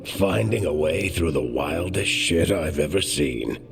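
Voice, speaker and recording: A wry male dwarf storyteller in a video game, dry and teasing yet fond toward his friend. The voice sits very low and moves through a lively, wide pitch range. His delivery is easy and conversational. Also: measured pace, creaky, soft background music, full character voice. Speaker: companion character.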